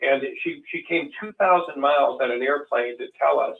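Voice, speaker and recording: A man's voice: medium pitch, moderate pace, gravelly. A man co-hosting a call-in show, telling a long story in a rambling, folksy way with many restarts. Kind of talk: casual storytelling chat. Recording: distant, phone-like lo-fi sound.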